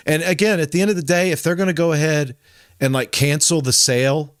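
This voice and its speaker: A man's voice: medium pitch, brisk, smooth, no room sound, studio quality. A man hosting a podcast in casual chat, rambling with frequent restarts and self-corrections. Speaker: podcast host.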